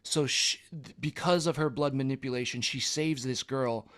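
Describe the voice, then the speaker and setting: Man, podcast co-host, casual chat, enthusiastic, mid-pitched voice. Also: steady tone, moderate pace, fairly bright tone. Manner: enthusiastic recapping with fillers.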